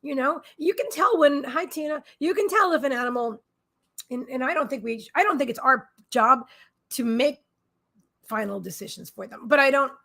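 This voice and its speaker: A woman's voice: sits high, animated, normal speed, pushed and bright. A woman hosting a casual psychic livestream, talking in a rambling, emotional way with many restarts. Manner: coos in baby talk to her pets. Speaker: psychic reader and healer, livestream host.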